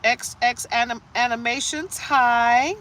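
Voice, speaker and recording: A woman from Detroit hosting a casual live stream, animated and chatty, greeting viewers by name and laughing often, recorded at home on a phone or webcam. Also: a little high, takes it slowly. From Detroit, USA. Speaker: live-stream host giving a reading.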